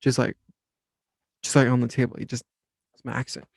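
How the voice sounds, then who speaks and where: A young man hosting a podcast, telling a work story and explaining self-help ideas in a relaxed, rambling way with many fillers. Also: mid-range voice, normal speed, vocal fry, no room sound. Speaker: podcast host.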